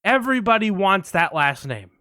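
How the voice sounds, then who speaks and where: A man co-hosting a casual movie podcast, telling stories in an animated way, swearing often and acting out quotes. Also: sits high, normal speed, no echo, studio quality. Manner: animated storyteller, swears a lot, acts out quotes. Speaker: podcast co-host.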